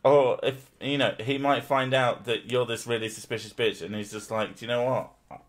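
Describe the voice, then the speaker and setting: A man's voice: medium pitch, steady tone, normal speed. A man hosting a casual live stream, swearing freely and laughing often at his own sarcastic remarks. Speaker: streamer host. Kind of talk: casual chat.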